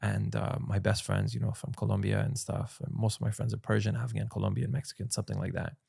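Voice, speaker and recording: Gravelly low-voiced man chatting. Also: fast, dry recording, studio quality. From Canada. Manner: relaxed, chatty storytelling with swearing. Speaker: actor guest. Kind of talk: casual podcast interview.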